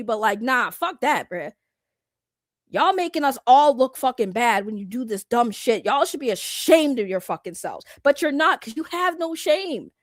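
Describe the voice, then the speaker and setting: A young woman delivers a fired-up commentary rant, blunt and full of slang and cursing. Her voice sits high. The sound is dry and close, with no room around it. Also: no room sound. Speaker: commentary YouTuber.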